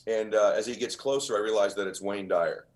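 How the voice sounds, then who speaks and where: A man's voice: fairly low pitch, fairly even intonation, a little fast. A man as a podcast guest, telling motivational stories in an earnest, emphatic, almost preacher-like way. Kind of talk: motivational storytelling.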